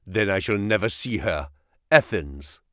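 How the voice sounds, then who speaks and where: A man voicing a starving Greek captive who answers in a low, weary, stubborn voice. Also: lively intonation, measured pace, fairly bright tone, dry recording, clean studio sound. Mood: defiant.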